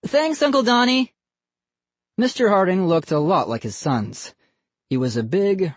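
Animated, husky audiobook narrator. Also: medium pitch, no room sound. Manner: expressive, reads every character. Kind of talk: scripted narration.

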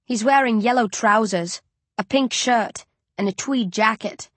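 A woman narrating a first-person story for an audiobook in a measured, tense storytelling voice. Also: fairly high pitch, fairly bright tone, no room sound.

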